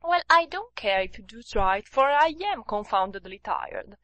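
A woman's voice: fairly high pitch, very animated, moderate pace, fairly bright tone, no echo. A woman reading the part of a lazy, teasing young male college student in an audiobook, in a drawling, mocking way.

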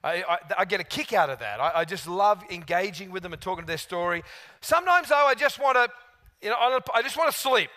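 A gregarious man preaching from the pulpit, telling his stories with lively animation. His voice sits high for a man and rings bright and forceful. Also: fast talker. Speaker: guest preacher. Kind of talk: sermon with storytelling.

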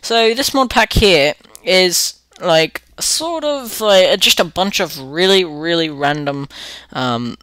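A man's voice: high-pitched, animated, takes it slowly, sharp tone, smooth, no room sound. A man hosting casual gameplay commentary, rambling with lots of fillers while putting on an accent. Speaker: gaming channel host.

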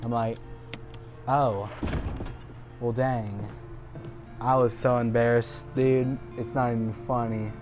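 Exasperated young man narrating gameplay, unhurried. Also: medium pitch, music in the background. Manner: exasperated, swears and laughs a lot. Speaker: gameplay commentator. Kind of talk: casual let's-play commentary. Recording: steady background noise.

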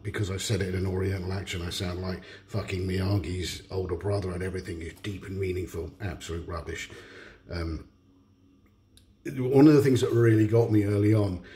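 A man with a low-pitched voice speaks as a podcast co-host in an unscripted recorded message. He is blunt and profane. He stumbles over repeated words as he piles on his criticisms. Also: steady tone, brisk, darkish tone. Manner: blunt and profane, full of restarts. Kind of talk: casual recorded opinion rant.

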